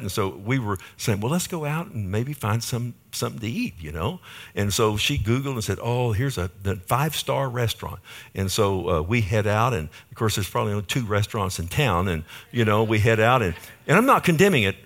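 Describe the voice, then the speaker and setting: A man's voice: on the low side, a bit bright. An older man preaching a sermon, telling a folksy story and asking the congregation for an amen. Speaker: pastor.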